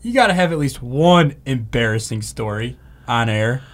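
A man's voice: mid-range voice, animated, normal speed. A man interviewing a colleague in casual chat, prodding him with encouraging questions.

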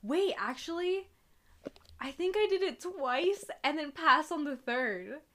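A teenage girl in casual chat, reacting with exclamations and quick replies. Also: high voice, lively intonation, fairly bright tone.

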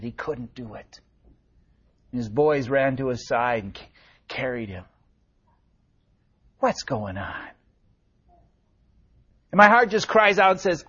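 A man preaching a sermon as pastor, earnest and impassioned, swinging from raised cries down to hushed, quiet lines. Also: high voice. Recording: dull lo-fi sermon recording.

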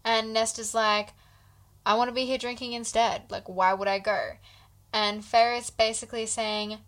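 A woman's voice: a little high, fairly even intonation, measured pace, a bit bright. A woman in casual chat with a friend, agreeing, laughing along and summarizing a book. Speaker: book podcast co-host.

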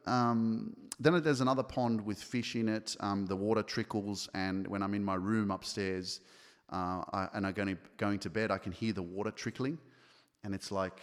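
Brief: man, podcast host, lowish voice, blunt and profane, rambling delivery, long reverb. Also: steady tone, moderate pace. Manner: blunt, swears freely, many fillers and restarts. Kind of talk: casual motivational monologue. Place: home office.

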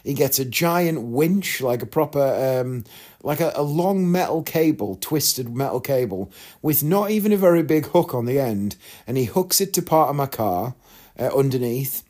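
Medium in pitch, darkish in tone, he speaks in an animated way at a moderate pace. The casual vlog finds him recounting a lengthy story frankly, with plenty of digressions and re-enacted dialogue.

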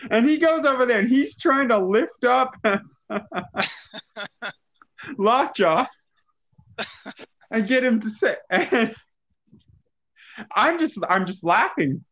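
A podcast co-host trades stories in a loose, casual storytelling chat, often breaking into laughter mid-sentence. His very high-pitched, slightly bright voice has lively intonation and a slow pace with long pauses, and it comes through slightly dull and lo-fi.

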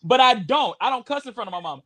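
Animated high-voiced man from Houston. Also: fast talker. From Houston, Texas. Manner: animated, profane, stammering restarts. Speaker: podcast co-host. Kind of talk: casual chat.

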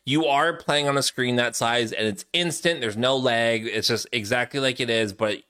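Bright-voiced teasing male podcast host. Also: medium pitch, normal speed. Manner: laughing, teasing, sets up games. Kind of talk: casual chat.

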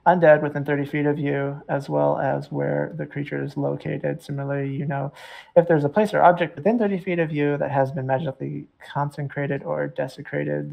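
A game master narrating a tabletop game, halting and full of fillers as they describe the scene and rule on spells. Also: mid-range voice, vocal fry, highs cut off.

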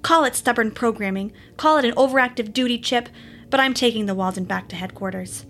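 A woman voicing a dutiful female robot pilot who talks in a flat, firm, by-the-rules way. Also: on the high side, brisk, a little hiss or hum.

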